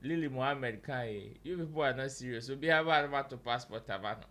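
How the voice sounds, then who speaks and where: A man's voice: medium pitch, brisk, bright, forceful tone. A Ghanaian man hosting a casual panel chat, mixing English and Twi and reading out viewer comments. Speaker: show host.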